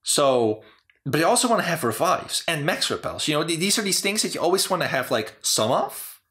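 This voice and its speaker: A man's voice: a little high, very animated, brisk, pushed and bright. A young man hosting a casual chat about game design, rambling and exasperated, with frequent swearing. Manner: rambling, profane, exasperated ranting. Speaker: host.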